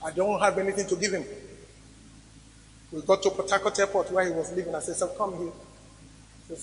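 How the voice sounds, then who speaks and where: A man preaching a sermon as pastor, swinging between loud emphatic rises and quiet drops. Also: high voice, steady tone, a little fast, pauses often, a little hiss or hum. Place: church hall. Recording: reverberant church hall recording.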